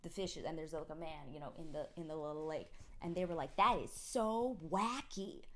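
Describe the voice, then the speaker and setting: A mother telling a comic anecdote in an animated, giggly, rambling way, full of restarts. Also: sits low, fast. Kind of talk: comic storytelling.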